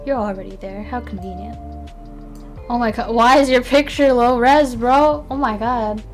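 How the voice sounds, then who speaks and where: A tired woman streaming casually, chatting and mumbling to herself as she works, with a self-deprecating manner. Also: mid-range voice. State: tired, yawning. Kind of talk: casual live-stream chat.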